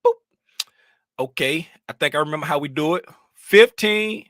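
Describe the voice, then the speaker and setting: A bright-toned man talks to his viewers in a slow, rambling way, circling back to the same phrases again and again. His pitch swings widely as he vents and jokes, and the sound is close and dry. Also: dry recording. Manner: animated, rambling, venting with repeated phrases. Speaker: trading educator. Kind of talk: casual live-stream commentary.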